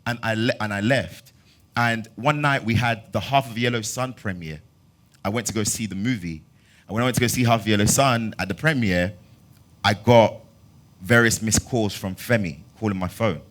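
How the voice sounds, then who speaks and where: A young London actor in his twenties tells a story to an audience during a master class, his fairly low voice at a normal speed and his accent distinctly London. He animates the tale by performing the dialogue, punctuated with loud bursts of laughter.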